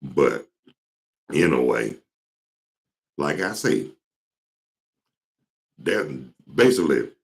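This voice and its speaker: A very deep man's voice with a gravelly edge. He talks in a casual, rambling way and tells stories, and his pitch swings widely as he goes. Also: big pitch swings, slow, pauses often. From Georgia, US. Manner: rambling, storytelling, mimics singers. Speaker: talk show host. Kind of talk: casual solo talk.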